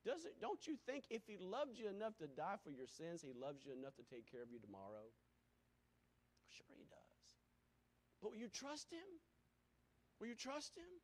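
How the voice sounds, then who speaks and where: High-voiced animated male preacher. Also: brisk. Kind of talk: sermon.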